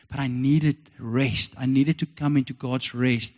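Speaking at a moderate pace with few pauses, this earnest South African pastor delivers a heartfelt sermon in a steady, medium-pitched voice, repeating certain phrases again and again. The church hall gives him a long reverb, captured on a dull, lo-fi recording.

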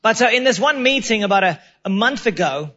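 A man's voice: sits high, lively intonation, brisk, pushed and bright, lo-fi sound. A man preaching a sermon, telling a personal story in an earnest, self-deprecating way, with quoted asides. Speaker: pastor.

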